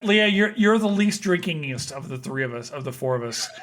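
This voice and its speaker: A man from Kentucky hosting a podcast, chatting casually over drinks in an excitable way, swearing freely and using lots of fillers. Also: on the high side, brisk. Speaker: podcast host.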